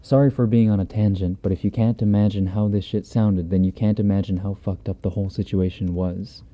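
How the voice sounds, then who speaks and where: A man's voice: fairly low pitch, fairly even intonation, fairly quick, muffled recording. A man reading a horror story aloud on a stream in a laid-back, profane, conversational way, close on a binaural mic. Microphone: binaural dummy-head mic.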